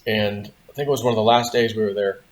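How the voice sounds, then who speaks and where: A man's voice: fairly low pitch, steady tone, fast. A man hosting a vlog, telling a story in a casual, rambling way, full of "you know" and "like". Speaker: vlog host.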